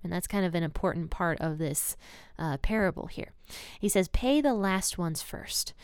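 A Bible teacher gives a relaxed devotional talk, retelling the passage in plain conversational language and speaking candidly about her own life. Her smooth, clear voice is on the low side at normal speed, in a close, dry recording with no room sound.

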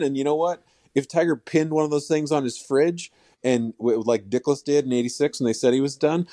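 A man's voice: fairly high pitch, a little fast, dark tone, no room sound, clean studio sound. A man appearing as a sportswriter guest on a podcast, rambling and self-mocking in casual chat.

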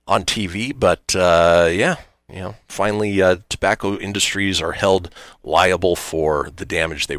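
A man hosts a radio show with a low voice that still moves a lot in pitch. He reads through history items in an easygoing way and drops light jokes along the way. The sound is dry and close to the mic. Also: fairly bright tone, no echo. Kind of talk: casual radio chat.

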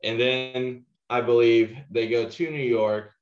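A man talking through a film on a podcast, stopping and restarting as he tries to remember. His voice has a slightly muffled, lo-fi quality and bounces around a roomy space. He speaks at an ordinary middle pitch. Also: level tone, slow. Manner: hesitant, restarts and "um"s while recalling. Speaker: podcast co-host. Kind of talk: casual film review chat. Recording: dull echoey room sound.

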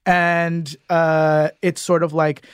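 Halting podcast guest, dry sound. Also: mid-range voice, level tone, smooth, no echo. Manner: halting, many fillers and restarts. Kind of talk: casual discussion.

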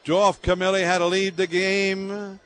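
Guy putting on an old brooklyn PA announcer, way higher and louder, drags every word out slow. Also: completely flat delivery, slight background noise. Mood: announcing. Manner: slow, stretched-out announcer calls. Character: old-time male ballpark announcer, booming and drawn-out.

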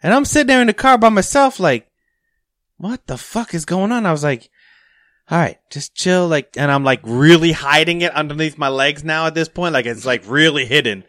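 A man's voice: on the high side, moderate pace, a bit bright, no echo, clean studio sound. A young adult man telling a story in casual, profane podcast talk. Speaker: podcast host.

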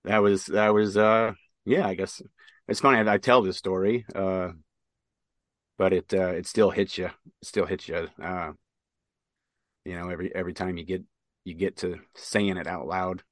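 Veteran guest, male, from Nebraska; halting casual storyteller, dry close sound. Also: deep voice, fairly even intonation, no room sound. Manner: halting, many fillers and restarts. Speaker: interview guest, military veteran.

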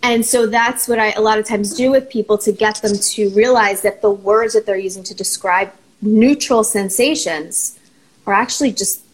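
A woman therapist, a guest on a talk show, explaining ideas in a steady teaching tone. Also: medium pitch, moderate pace, low-quality recording. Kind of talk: conversational explanation.

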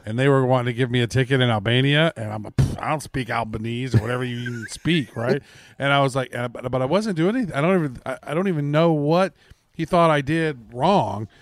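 A man's voice: medium pitch, quick pace, no echo. A man co-hosting a podcast who rambles in a loose, casual way. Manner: rambling, loose talk with fillers and mild swearing. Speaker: podcast co-host. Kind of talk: casual chat.

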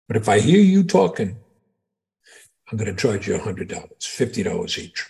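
Man putting on a sly helicopter pilot, gravelly, playful, joke-telling voice. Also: lowish voice, sing-song, normal speed, a little mellow, big-room sound, voice pushed down, heavily acted. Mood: teasing. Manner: playful storytelling delivery.

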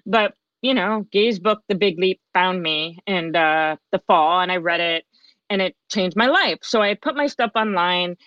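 A woman who works as a life coach, telling her story as a guest in an interview, lively and animated, acting out what people said. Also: on the low side, a little slow, no echo, lo-fi sound.

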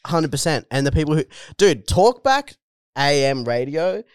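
A man's voice: a little high, lively intonation, normal speed, clear, resonant tone, no echo, clean studio sound. An Australian man co-hosting a comedy podcast, swearing a lot and saying "dude" constantly as he laughs easily. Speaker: podcast co-host, stand-up comedian. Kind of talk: casual chat.

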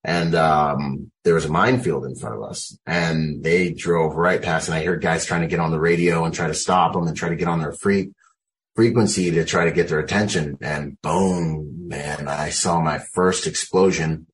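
A man in his forties, a Marine combat veteran and interview guest, telling animated war stories on a video call from home and dropping "man" and "you know" throughout. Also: extremely low pitch, normal speed. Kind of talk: casual storytelling on a video call.

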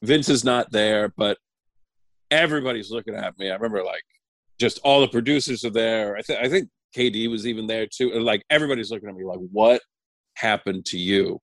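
A man guest telling a story with lots of laughter, animated and lively. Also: fairly low pitch, fast, dry recording. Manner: laughing, lively anecdote teller. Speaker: podcast guest.

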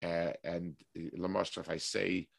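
This is a man with a low voice giving a weekly Torah lecture. He explains at a measured pace, stopping to restart his thoughts, then reads Hebrew passages quickly. The recording is dry and close, with no room echo. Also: level tone, gravelly. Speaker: Torah class teacher.

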